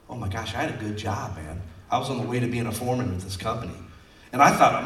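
A man's voice: mid-range voice, quick pace, fairly bright tone, far from the mic, a little hiss or hum. A man preaching a folksy, conversational sermon in a church, mixing scripture with personal stories. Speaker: pastor. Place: church sanctuary. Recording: roomy sound from off mic.

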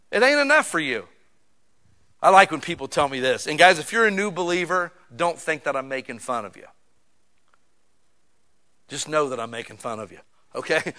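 A male pastor preaching a sermon in a church, joking and casual, swinging from quiet asides to loud bursts. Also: high voice.

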